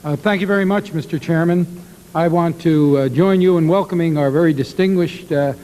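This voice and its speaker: A man who is a congressman giving a formal statement at a hearing, halting with frequent uhs. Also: fairly high pitch, warm tone. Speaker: ranking minority member of congress.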